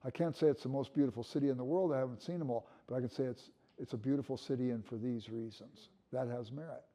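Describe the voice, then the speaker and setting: A man's voice: mid-range voice, fast, warm tone. An older man giving a conversational classroom lecture, musing aloud and repeating words as he restarts.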